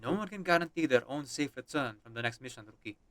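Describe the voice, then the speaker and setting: A man's voice: medium pitch, animated, fast, fairly bright tone, no echo. Man doing a stern veteran officer. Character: stern, dependable male army officer.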